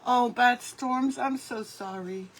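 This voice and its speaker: A woman's voice: on the high side, slow pace, low-quality recording. A woman hosting a casual craft livestream, chatting and greeting viewers by name as she works. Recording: faint background noise.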